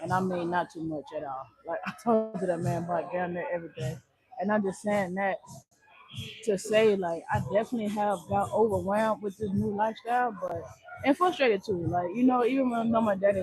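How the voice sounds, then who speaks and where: High-voiced man rambling on a livestream. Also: brisk, low-quality recording. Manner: rambling, repeats phrases. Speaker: livestream host. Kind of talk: casual livestream chat.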